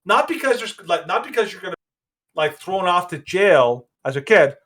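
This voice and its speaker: Man, podcast host, high voice, bright tone, rambling opinionated commentary. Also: very animated, normal speed. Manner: rambling, restarts often, opinionated.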